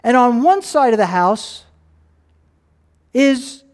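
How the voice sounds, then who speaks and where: Male pastor, very high voice, animated sermon storytelling with questions to the crowd. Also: slow pace, clear, resonant tone. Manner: animated storytelling, acting out characters' lines; asks the congregation questions.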